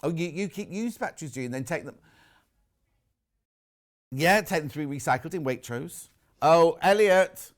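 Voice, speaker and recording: A British man hosting a live shopping show, his voice sitting a little high for a man. He chats loosely with the crew and viewers, reading out their messages. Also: animated, normal speed, pauses often, a bit bright. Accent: British English. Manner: chatty, reads out viewer messages. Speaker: shopping channel presenter. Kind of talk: live TV sales chat.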